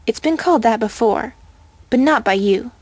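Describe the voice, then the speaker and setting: A woman voicing a serious, wise female unicorn, speaking calmly and firmly. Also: on the high side, normal speed, dry recording. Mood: grave.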